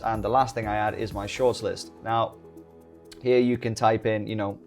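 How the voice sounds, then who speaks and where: A middle-aged British man giving a relaxed software walkthrough tutorial, full of joking, rambling asides. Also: on the low side. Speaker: day-trading YouTuber. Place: home desk early morning.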